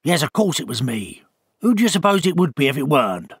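Man doing a grumpy storybook owl, rough common speech, higher pitched, husky edge. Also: very animated, brisk, no room sound, clean studio sound, full character voice. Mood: surly. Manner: surly, common speech, ungracious.

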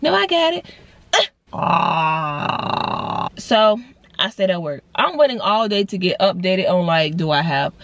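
A woman in her twenties telling a personal story on a vlog, casual and slangy, jumping her voice high for quoted lines. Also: takes it slowly, vocal fry. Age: 20s. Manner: animated storytelling with big voice jumps for quoted lines; casual slangy talk, addresses viewers as y'all. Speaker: vlogger.

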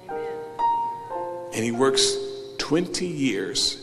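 A man's voice: medium pitch, animated, measured pace. Preaching bishop, man, in a reverberant hall. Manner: acts out biblical characters, swings from hushed to shouting. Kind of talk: sermon. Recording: live hall with loud music behind.

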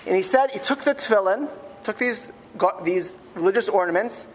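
A man, a rabbi, telling a story in a speech to school students. He slows down emphatically on key words. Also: sits high, big-room sound, a little hiss or hum. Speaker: rabbi giving a talk at a school. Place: school hall.

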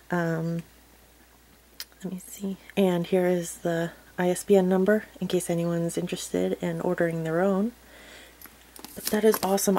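A woman hosting a crafting channel, chatting casually to viewers in a soft, gushing way that often drops to a murmur. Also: lowish voice, rough recording. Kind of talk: casual unboxing chat to viewers.

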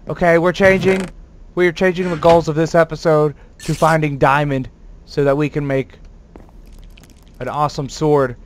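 A man doing let's play commentary as a gaming host, excitable and quick to swear, yelling at sudden scares and bragging playfully. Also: fairly high pitch, slight background noise. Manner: playfully boastful.

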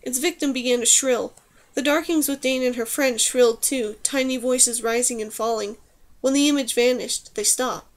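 A woman narrating a fantasy novel aloud as an audiobook reader, with steady, even storytelling. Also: a little high, normal speed. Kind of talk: scripted narration.

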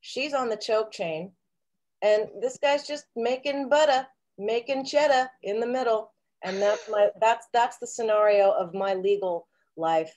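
A woman's voice: a little high, unhurried, darkish tone. A woman guest on a video call, talking casually in a rambling, jokey, theatrical way. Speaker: interview guest.

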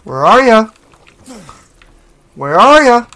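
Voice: mid-range voice, sing-song, takes it slowly, pauses often, pushed and bright. A gaming channel host giving let's-play commentary, swearing freely, taunting the enemy and yelping when startled.

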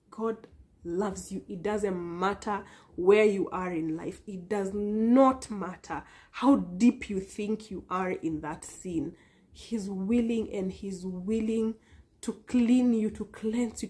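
A woman gives an earnest, emotional religious testimony to her viewers, pleading and sometimes dropping to soft whispered repeats. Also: mid-range voice. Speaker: vlogger sharing a testimony. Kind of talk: heartfelt religious testimony and encouragement.

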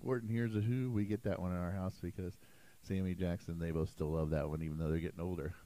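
A man preaching a sermon as pastor in a church sanctuary, emphatic and animated. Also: deep voice, quick pace, no room sound, low-quality recording.

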